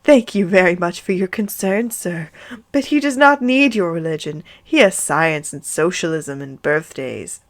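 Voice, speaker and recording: A woman's voice: medium pitch, very animated, slow, pauses often, fairly bright tone. A woman voicing a snobbish, sneering middle-aged aunt in a fanfic reading. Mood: sickly sweet. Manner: sneering, screechy, sickly sweet.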